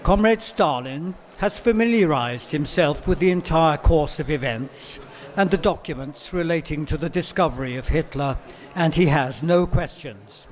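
A man's voice: fairly high pitch, normal speed, hardly any pauses, lightly acted. A man voicing a stiff male Soviet official with a posh English accent, in a formal, clipped official delivery. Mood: stiffly formal.

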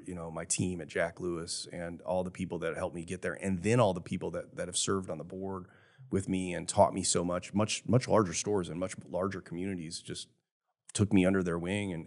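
Fifties man, low voice, sincere and thoughtful, casual podcast talk. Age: 50s. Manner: earnest, reflective, emotional at times. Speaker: jewelry store owner.

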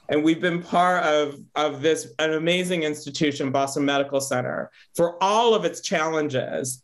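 A man with a fairly high voice speaks earnestly as he hosts a reflective interview. He thinks aloud in searching, winding sentences, checking in with his guest as he goes. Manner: earnest, searching, many "right?" tags. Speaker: host.

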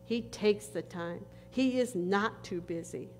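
A woman pastor preaching a sermon in a church, slow and earnest, with dramatic pauses. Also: mid-range voice, a little mellow. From northern United States. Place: church sanctuary. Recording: reverberant church hall with faint noise.

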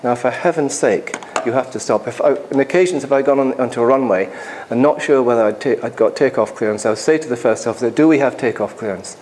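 Male pilot, middle-pitched voice, conversational and emphatic, presenting at a conference. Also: quick pace, hardly any pauses, a little mellow, a little hiss or hum, rough recording. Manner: conversational and emphatic, with asides to the audience. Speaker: airline pilot giving a conference talk. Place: conference hall.

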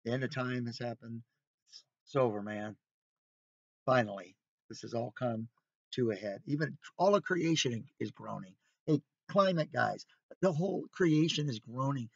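A man's voice: mid-range voice, moderate pace, gravelly, husky, no room sound. A man leading an informal Bible study, speaking conversationally with rhetorical questions and emphatic asides. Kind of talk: informal sermon. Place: recreational vehicle. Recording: dry, dull lo-fi sound.

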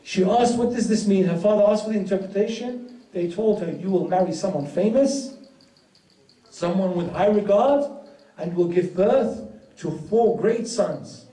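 A man's voice: moderate pace, warm tone. A man telling a tragic story in a sermon, rising into an emotional lament. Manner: storytelling that rises to an emotional, high-pitched lament. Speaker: Muharram speaker. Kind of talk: narrated religious sermon. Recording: roomy hall from far off.

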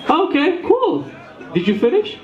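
A man from Romania doing crowd work in a comedy club, teasing the audience with quick banter. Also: very high voice, wildly swooping pitch, a little mellow. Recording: echoey room, dull sound, crowd laughter.

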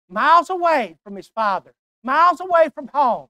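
An older man preaching a sermon, emphatic and repetitive, swinging from hushed asides to loud declarations. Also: extremely high pitch, sing-song, moderate pace, no room sound.

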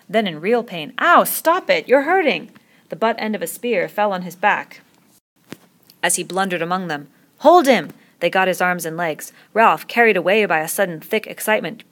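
A woman reading a novel aloud in a steady storytelling voice. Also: lowish voice. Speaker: reader.

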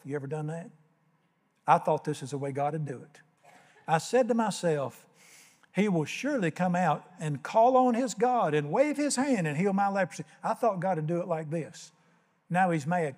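A pastor preaches to his congregation, retelling an old story in plain, folksy talk and slipping into the voices of its characters. His voice sits on the higher side for a man. The sound rings out with the long reverb of a large church sanctuary. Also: a little mellow. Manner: folksy storytelling, acts out biblical characters in casual Southern-style speech. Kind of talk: sermon.

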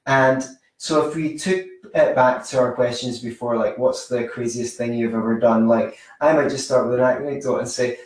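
A man gives an informal teaching monologue on social skills, chatting in a rambling way, telling anecdotes, and correcting himself as he goes. His medium-pitched voice is steady at a moderate pace, recorded in a very echoey room with the mic far off.

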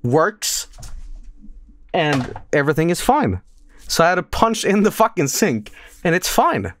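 A young man, a game streamer, telling a rambling story at home on a desk mic, animated and laughing, with swearing and sudden loud outbursts. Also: on the high side, measured pace, a little hiss or hum. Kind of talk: casual storytelling on a live stream. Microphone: desk microphone.

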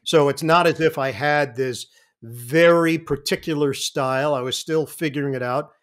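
A sportscaster in his fifties, a guest on an interview show, telling vivid, animated stories. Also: a little high, moderate pace. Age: 50s. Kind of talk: anecdotal interview talk.

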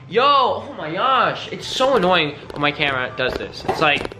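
A man hosting a reaction vlog who talks in a hyper, dramatic way, full of loud exclamations. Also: high-pitched, very animated, unhurried, hardly any pauses, faint music behind. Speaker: YouTube host.

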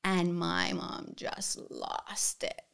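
A middle-aged woman from the Middle East, a guest telling her personal story in an interview, animated and often picking the thread back up with "so anyways". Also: on the low side, extremely slow, vocal fry, smooth. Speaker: guest, florist and talk show host.

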